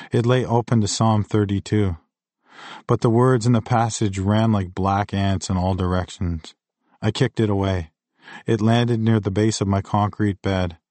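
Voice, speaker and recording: A man narrates his own memoir in a measured, vivid audiobook delivery. His voice sits on the low side. The recording is dry and close, with no room sound. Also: a little mellow, dry recording.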